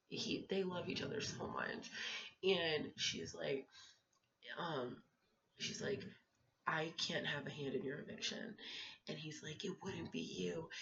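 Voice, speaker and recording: A young woman giving an animated, emotional recap as a fan vlogger, swearing freely and acting out what others said. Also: sits low. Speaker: reality show fan vlogger. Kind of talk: casual gossip recap. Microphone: built-in camera mic, no HD setup. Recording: dull lo-fi home recording.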